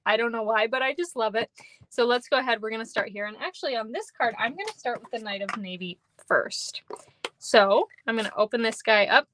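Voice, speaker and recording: Against a noisy background, a young Minnesotan woman with a voice on the high side runs a live card-making stream in her air-conditioned basement. She's upbeat and talkative, reads comments from viewers aloud, and sounds a little weary.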